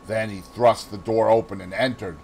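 A man with a Boston accent reading a classic novel aloud in expressive scripted narration. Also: on the low side, normal speed, vocal fry, slight background noise, low-quality recording. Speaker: audiobook reader.

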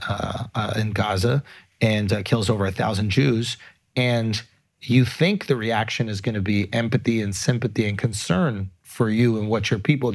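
A man talking earnestly and emphatically in a casual podcast conversation, swearing freely. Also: on the low side. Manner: emphatic, earnest, frequent profanity. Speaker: podcast guest. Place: podcast studio.

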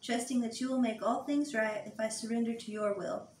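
A woman co-leading a church group, speaking softly and leading a recited prayer from off mic. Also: on the high side, fairly even intonation, fairly quick. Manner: soft, brief affirmations. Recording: echoey room, off-mic, with hum.

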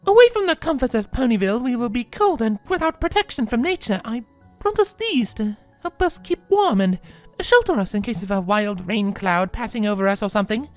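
Prim dramatic unicorn mare, high lilting voice, storybook reading. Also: male voice, animated, a little fast, faint music behind. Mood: refined. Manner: prim and theatrical.

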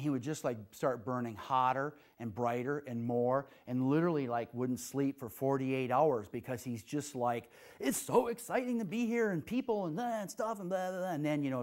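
Animated man teaching with lots of fillers. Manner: animated, acts out giddy voices with high squeals; rambling with many fillers. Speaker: herbalist teaching a class. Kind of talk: casual classroom lecture.

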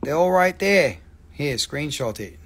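Slow, gravelly man selling stones live. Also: fairly high pitch. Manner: excitable, repeats prices and words, swears casually. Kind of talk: live sales stream, showing stones and reading chat.

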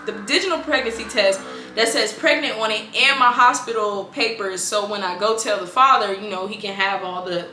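A young woman tells her own story straight to camera. She talks in a chatty, animated way and acts out what her family said. Her voice sits a little high and sounds bright and forceful, with a roomy echo around it. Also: slight background noise. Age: 20s. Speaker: vlogger. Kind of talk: casual storytelling vlog.

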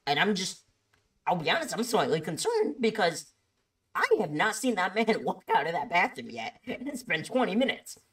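A woman's voice: on the low side, sing-song, moderate pace, fairly bright tone, far from the mic. A woman vlogger telling a story in a chatty way, often checking in with "okay?". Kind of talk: storytime monologue.

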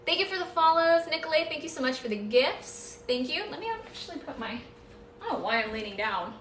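A woman's voice: high-pitched, big pitch swings, fairly quick, a bit bright, distant mic, a little hiss or hum. A woman hosting a casual live stream, chatting with viewers and thanking them, with playful nervous laughs. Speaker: livestream host. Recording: echoey room, voice off-mic.

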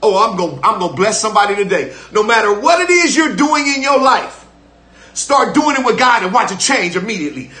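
A man's voice: sits high, sing-song, fairly quick, sharp tone, roomy sound. An older man preaching a live-streamed sermon as pastor, fervent and repetitive, calling on listeners to respond.

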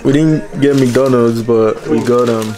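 A man's voice: medium pitch, steady tone, unhurried, a crowd in the background. A man vlogging casually from a hotel room, rambling and laughing as he talks. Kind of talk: casual vlog chat. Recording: echoey room with faint noise.

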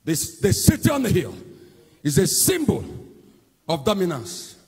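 A man with a Nigerian English accent preaching a sermon as pastor, shouting and chanting phrases with fervour in a large church auditorium. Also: high-pitched, wildly swooping pitch, unhurried, breathy edge. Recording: echoey hall with music behind.

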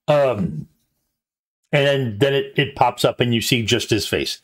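At a live convention show, a man serves as game master for a tabletop game, narrating haltingly with many ums and restarts. His mid-range voice carries lively intonation.

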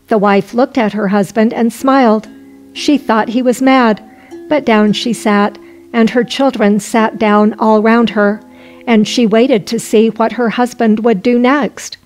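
A woman narrates a folk tale in a fairly high voice, taking her time over every phrase. Her reading is slow and even, and faint music runs quietly underneath. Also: low-quality recording. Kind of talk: storybook narration.

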